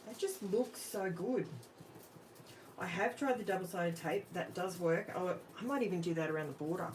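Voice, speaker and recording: A woman's voice: lowish voice, fairly even intonation, normal speed, far from the mic, low-quality recording. An Australian woman hosting a live crafting stream, chatting casually and thinking aloud while she works, asking viewers questions. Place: home craft room. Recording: off-mic with faint room noise.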